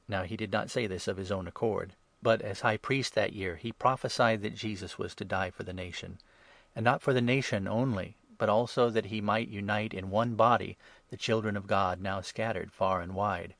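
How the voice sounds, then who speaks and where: A man reading scripture aloud in a steady, even narration. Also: lowish voice, moderate pace, no room sound. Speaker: reader.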